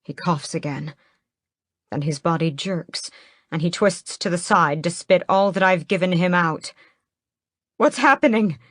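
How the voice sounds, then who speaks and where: A woman with a lowish voice narrates a first-person fantasy audiobook, measured and steady. She's close to the mic in a dry recording.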